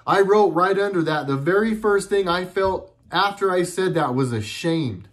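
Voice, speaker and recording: A man's voice: high voice, animated, moderate pace, hardly any pauses. A middle-aged man talking at home in a casual monologue, earnest and rambling, often stopping and restarting his sentences. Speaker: video blogger.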